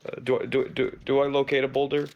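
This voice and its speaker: A man's voice: medium pitch, monotone, fast, lo-fi sound, slight background noise. A man playing a tabletop game casually, describing what his character does. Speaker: player. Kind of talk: casual tabletop role-play.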